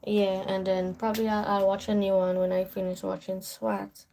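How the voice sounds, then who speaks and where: A woman's voice: medium pitch, level tone, moderate pace, vocal fry, a little mellow, slight background noise. A woman with a Caribbean accent hosting a casual morning livestream, chatting away as she reads viewer comments aloud and answers them. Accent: Caribbean English. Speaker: livestream host.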